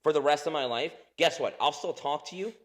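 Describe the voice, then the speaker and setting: A man's voice: fairly high pitch, brisk, a bit bright. Man, 30s, podcast co-host, casual chat, heavy swearing, rambling, frequent laughs. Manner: profane, rambling, laughs often.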